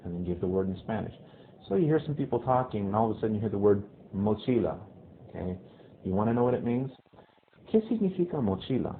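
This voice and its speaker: A male Spanish teacher giving a casual video lesson who often checks in with "okay?" and repeats phrases slowly. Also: fairly low pitch. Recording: tinny phone-like lo-fi audio with faint hiss.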